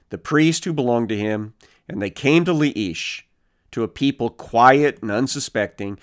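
A man leads a verse-by-verse Bible lesson, reading each passage and then explaining it in an easy, conversational way. His voice sits in an ordinary middle pitch, and he slips into animated voices when he retells what people in the story said. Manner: reads verses, then paraphrases casually with animated character voices. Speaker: Bible teacher. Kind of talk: expository Bible teaching.

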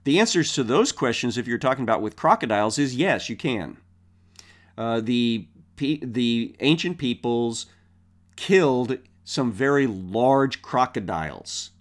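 Man, Bible teacher, unhurried delivery, lively pitch, rhetorical questions, casual fillers. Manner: reads scripture then explains it with rhetorical questions; conversational with frequent fillers.

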